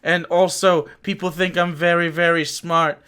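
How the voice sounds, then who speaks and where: A man putting on a slow, stammering impression of a dim-witted, boastful grown man. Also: a little high, level tone, smooth. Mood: mocking. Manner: halting, stammering, slow and quiet.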